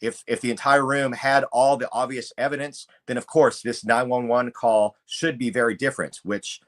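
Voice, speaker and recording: A man's voice: mid-range voice, moderate pace. A man hosting a live true-crime show, talking steadily and going through a call transcript. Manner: steady, reads transcript aloud. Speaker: show host.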